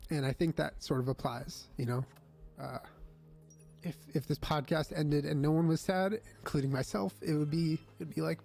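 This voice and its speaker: A young man hosting a podcast, emotional and near tears as he talks haltingly to his listeners at the end of the show. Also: on the high side, fairly even intonation, gravelly, darkish tone, faint music behind. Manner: halting, many fillers and restarts. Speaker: podcast host and streamer. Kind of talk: casual farewell talk to listeners.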